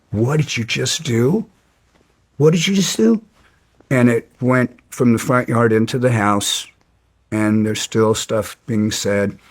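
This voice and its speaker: A middle-aged man recounting his past in an interview, halting with frequent restarts. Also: lowish voice. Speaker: guest. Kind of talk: storytelling interview.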